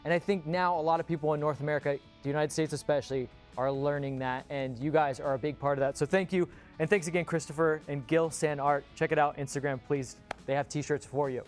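A man's voice: on the high side, steady tone, quick pace, soft background music. Enthusiastic man co-hosting a sports show. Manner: enthusiastic, talks to viewers directly. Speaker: co-host. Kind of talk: casual sports chat.

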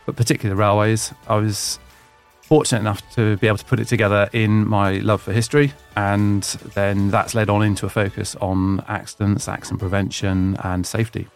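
A man's voice: fairly low pitch, flat delivery, fairly quick, faint music behind. A man who lectures in history, answering interview questions in a thoughtful, explanatory way.

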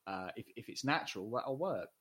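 A man's voice: mid-range voice, animated, a little fast, fairly bright tone, husky. Blunt, sweary man talking films. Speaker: podcast co-host. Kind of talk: casual film discussion.

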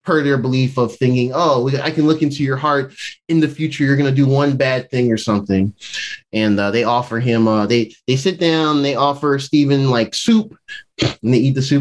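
A man's voice: mid-range voice, moderate pace. A man casually recapping a TV episode for a podcast, acting out the characters' lines with slang. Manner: animated retelling, acting out quotes in a raised voice. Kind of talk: casual chat.

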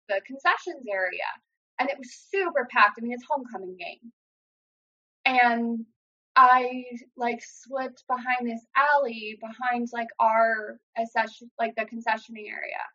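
A woman's voice: fairly high pitch, sharp tone. A young woman earnestly telling a personal story in a casual way, with many "like" fillers. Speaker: guest sharing her story. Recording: dull lo-fi audio.

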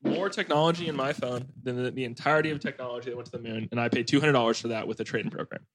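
This podcast host, a man in his late twenties, spins animated stories during a relaxed family conversation, rambling and leaning heavily on "like." He talks very fast at a medium pitch, with background noise in the recording.

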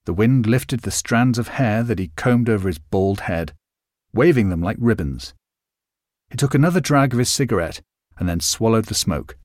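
With close, dry sound and no room echo, a male audiobook narrator performs a novel in expressive, scripted style at normal speed. His pitch travels freely and colorfully through each line.

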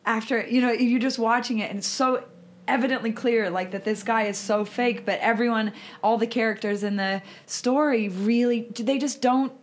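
A woman's voice: on the high side, fairly even intonation, moderate pace. A woman in frank, casual conversation, swearing freely and laughing often. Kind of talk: casual chat.

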